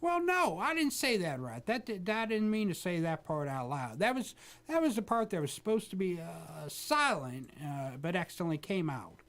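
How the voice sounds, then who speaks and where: A man putting on the voice of a prudish, bigoted older male televangelist in a comedy radio bit, talking in a high stammering drawl. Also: very animated, moderate pace, hardly any pauses, fairly bright tone, exaggerated voice. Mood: indignant.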